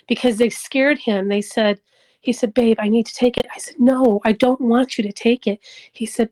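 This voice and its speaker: A woman's voice: a little high, steady tone, moderate pace, a little mellow, poor audio. Middle-aged woman recounting a personal ordeal. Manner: emotional storytelling, acting out dialogue. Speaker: interviewee. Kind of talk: personal testimony.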